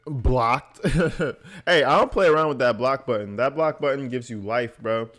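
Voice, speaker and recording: A man's voice: mid-range voice, normal speed, fairly bright tone. A man giving blunt, profane reaction commentary, mocking what he hears and laughing often. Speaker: online commentator reacting to recordings.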